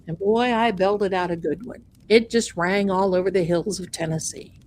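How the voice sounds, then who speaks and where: A woman's voice: medium pitch, fairly even intonation, moderate pace, a little mellow, slight background noise. A woman hosting a live stream who tells a chatty, folksy, self-mocking story. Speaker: livestream host.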